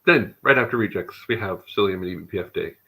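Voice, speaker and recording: A man's voice: low-pitched, fast, gravelly, a bit bright, breathy edge, poor audio. A man hosting a casual tech livestream, talking with enthusiasm and wandering off into rambling asides. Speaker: show host.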